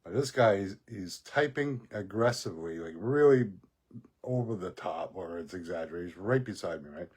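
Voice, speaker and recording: A man's voice: deep voice, animated, normal speed, a little mellow, breathy edge. A man telling a rambling personal story in a casual monologue, profane and laughing often. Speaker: vlogger.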